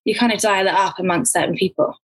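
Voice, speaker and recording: Breathy woman with an English accent. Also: mid-range voice, fairly even intonation, fast talker. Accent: English, neutral. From Scotland, grew up in Glasgow. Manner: chatty, laughs often, trailing restarts. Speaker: actor, guest. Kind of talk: casual interview chat.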